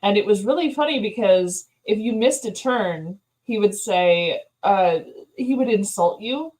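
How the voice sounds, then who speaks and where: A woman's voice: medium pitch, expressive, measured pace, darkish tone, low-quality recording. A woman co-hosting a casual chat, telling amused anecdotes.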